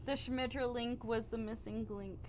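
A woman's voice: a little high, steady tone. Joking woman co-host with faint noise. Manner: quick joking interjections. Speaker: podcast co-host. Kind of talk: casual chat.

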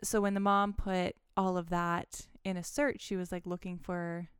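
A woman's voice: on the low side, flat delivery, moderate pace, smooth, dry recording, studio quality. A woman co-hosting a casual chat and telling stories, chatty and sprinkling in filler likes. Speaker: podcast co-host telling stories.

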